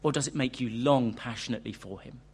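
A man's voice: mid-range voice, fast talker, a little mellow, slightly rough. A man preaching a sermon, earnest and questioning, reading a quoted interview aloud to his congregation.

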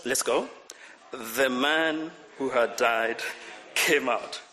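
A man preaching a sermon, animated, repeating words and building up to shouts. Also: medium pitch, slow. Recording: reverberant hall.

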